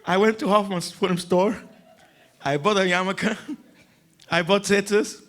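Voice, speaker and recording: A rabbi with a fairly high voice tells a lively personal story to a crowd. He is animated and slips into other people's voices as he goes, chuckling along the way. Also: measured pace. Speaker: rabbi giving a talk. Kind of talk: humorous storytelling speech.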